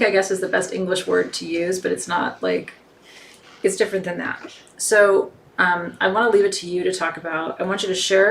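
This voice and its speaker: Woman host for a live shopping stream, lower pitch, chatty and effusive, faint background hiss. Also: fairly bright tone. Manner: chatty, gushing, many fillers. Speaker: host selling crystals. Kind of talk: live shopping show chat.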